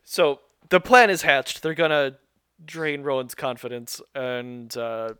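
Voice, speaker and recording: A man's voice: medium pitch, slow pace, sharp tone, clear, resonant tone, no room sound, studio quality. A man co-hosting a podcast, recapping a show in casual chat, rambling and laughing often.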